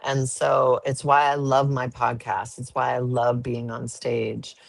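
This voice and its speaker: A woman's voice: a bass voice, little pitch movement, unhurried, creaky, dry recording. A woman guest sharing her story in an interview, earnest and emotional. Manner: earnest, emotional, laughs easily.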